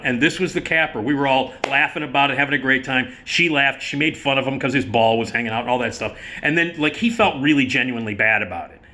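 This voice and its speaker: A man telling a casual, profane theater story, animated and quick to laugh. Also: medium pitch, a little hiss or hum.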